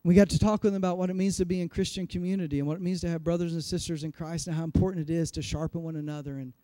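A pastor in his forties preaching a sermon, telling a personal story in an animated, self-deprecating way. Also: a little high, rapid-fire, no echo, clean studio sound. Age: 40s.

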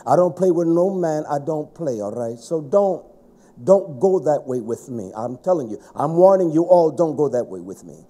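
A middle-aged man preaching a stern, scolding sermon to a congregation, rising to shouts at times. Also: fairly high pitch, lively intonation, normal speed.

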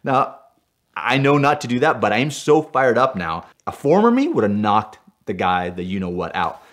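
A man from Puerto Rico tells a car story with a somewhat low voice. He is animated and excitable, and he keeps checking in with "right?" as he builds the tension. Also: normal speed. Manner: excitable, tags lines with "right?", gets worked up as he tells it. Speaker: stunt driver telling car stories.

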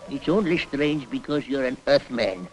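An actor voicing a serious, measured male professor astronomer in a 1960s cartoon. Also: mid-range voice, expressive, lightly acted, poor audio. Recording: old cartoon soundtrack with faint hiss.

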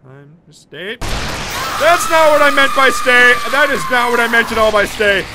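A man playing a horror game, excitably joking and shouting at the monsters in a let's play commentary. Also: very high voice, measured pace, heavy background noise. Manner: excitable, yelling at enemies, joking. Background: game music and sound effects.

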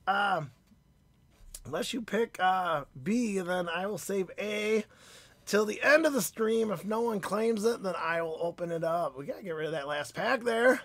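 Chatty man with a husky, fading voice. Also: high voice, normal speed, fairly bright tone, no echo. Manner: chatty and upbeat, greets viewers by name. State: losing his voice, phlegmy. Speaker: card-breaking stream host. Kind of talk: live stream chat.

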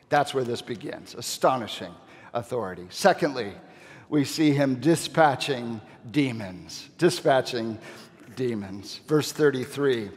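A male pastor preaching a sermon in a large church, emphatic, with dramatic pauses and repeated key phrases. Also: mid-range voice. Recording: long reverb of a church hall.

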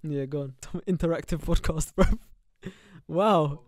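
A man's voice: fairly high pitch, measured pace. A young man, chatting casually as a podcast co-host, rambling and laughing with plenty of slang. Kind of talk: casual chat.

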